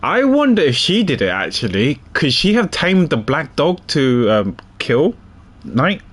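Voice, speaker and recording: A man's voice: fairly high pitch, sing-song, a little slow, a bit bright, husky. Musing male streamer. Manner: musing, thinking aloud. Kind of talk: casual game commentary.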